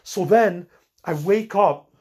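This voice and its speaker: A man's voice: high voice, takes it slowly, warm tone, slightly rough. A middle-aged man with a cold, rambling and venting his frustrations in a casual personal monologue, full of fillers and restarts. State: sick with a cold. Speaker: podcast host.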